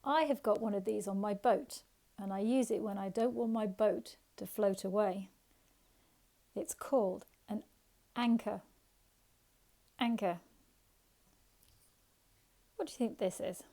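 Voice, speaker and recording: Warm-toned and medium-pitched, a woman leads young kids through a phonics lesson. Her delivery is slow and sing-song as she encourages them, sounds out letters, and poses questions.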